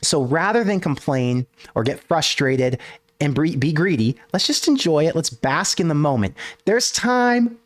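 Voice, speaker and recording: A man hosting a solo sports livestream from his desk, ranting in an animated, casual way with some swearing. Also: fairly high pitch, measured pace. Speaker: sports podcast host. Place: home desk.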